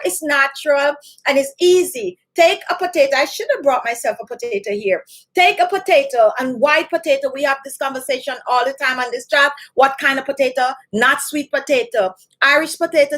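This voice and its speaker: Chatty high-voiced woman beauty host. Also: a bit bright. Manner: chatty, repetitive, instructive; addresses viewers by name. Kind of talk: casual talk to camera.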